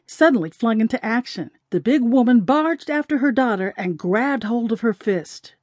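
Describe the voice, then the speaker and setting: A woman narrating an audiobook in a measured, dramatic storytelling manner. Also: mid-range voice, animated, warm tone, dry recording, clean studio sound.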